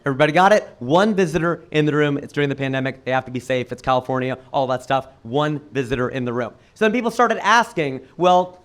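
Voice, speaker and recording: A man doing a stand-up comedy set for a live audience, firing off quick punchlines with sudden leaps in pitch. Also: animated, a bit bright. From United States. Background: audience laughter.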